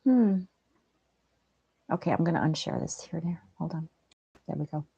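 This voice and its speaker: A woman hosting a livestream, chatting gently and reading out viewers' comments. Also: low-pitched, normal speed, creaky, breathy edge, no room sound. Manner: soft-spoken, gentle, chatty. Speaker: livestream host.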